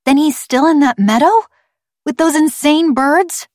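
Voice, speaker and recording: A woman reading an audiobook and voicing a headstrong young girl who pleads and argues in a high, strained voice. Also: unhurried, a little mellow, no echo, clean studio sound. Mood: pleading.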